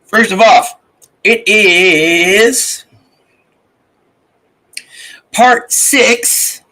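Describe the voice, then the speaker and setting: A man's voice: sits high, very slow, sharp tone, poor audio. A man hosting a morning live stream, rambling and laughing as he greets his chat. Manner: rambling, laughing, swearing, chatty. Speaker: livestream host.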